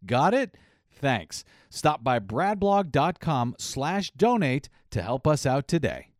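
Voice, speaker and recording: A man's voice: a little high, very animated, slow pace. A man hosting a political talk radio show, emphatic and indignant, often repeating his phrases.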